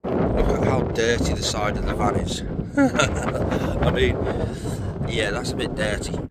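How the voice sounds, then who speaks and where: A man's voice: on the low side, slow. Chatty man vlogging outdoors in wind. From United Kingdom. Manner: chatty, talks to cows and laughs. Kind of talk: casual vlog commentary. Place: outdoors by a van in wind and farm field. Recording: windy outdoor noise.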